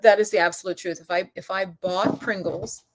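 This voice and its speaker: A woman's voice: on the low side, steady tone, moderate pace, a little hiss or hum. A middle-aged woman hosting a casual live stream, chatting with viewers, reading out their comments by name and laughing often. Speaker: yoga and mindfulness channel host. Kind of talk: casual livestream talk reading chat comments.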